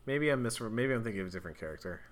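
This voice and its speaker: A man's voice: on the low side, lively intonation, very fast. A man in casual chat recapping a video game, rambling with plenty of fillers and restarts.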